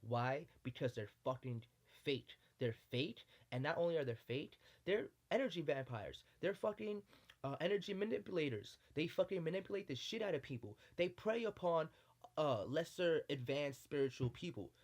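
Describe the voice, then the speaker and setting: A man's voice: on the high side, animated, moderate pace, darkish tone. A man giving a heated, profane monologue, blunt and repetitive, often asking "you know what I'm saying". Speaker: spiritual commentator. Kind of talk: impassioned monologue.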